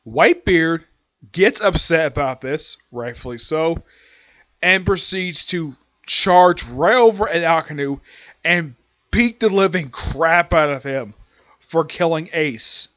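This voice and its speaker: Rambling man recapping anime, slightly high voice. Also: slow, fairly bright tone, no echo. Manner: rambling, filler-heavy retelling. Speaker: anime reviewer. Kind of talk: casual episode recap. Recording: dull lo-fi dry sound.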